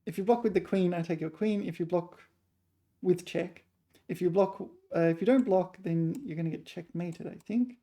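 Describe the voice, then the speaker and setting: Solving chess puzzles aloud, a woman mutters short fragments of calculation at an unhurried pace. Her voice is low and gravelly, slightly hoarse, with a dark, mellow tone throughout.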